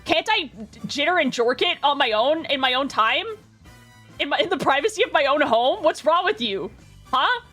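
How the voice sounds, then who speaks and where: A woman streamer from Canada chatting with chaotic, excitable energy and plenty of swearing. Her voice sits high and bright and swings widely in pitch. Faint music plays in the background. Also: moderate pace. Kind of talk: casual chat.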